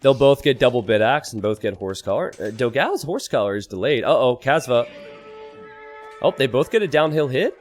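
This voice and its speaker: A game caster, animated and male, gives esports commentary on a strategy game match with his pitch swinging widely. He talks through tactics casually at a moderate pace, then leaps into high, loud disbelief when surprised, with soft music playing behind him.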